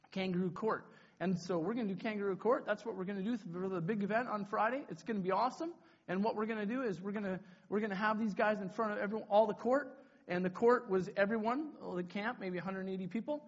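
A man telling a camp story in a sermon, animated and acting out voices. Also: high voice, quick pace. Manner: animated, acts out voices, builds to a hushed close. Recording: dull lo-fi recording.

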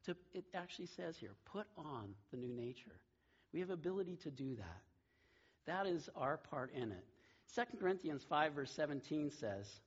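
Animated husky-voiced man preaching. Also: fairly high pitch, muffled recording. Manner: storytelling with lively voiced asides. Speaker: pastor. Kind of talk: sermon. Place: church sanctuary.

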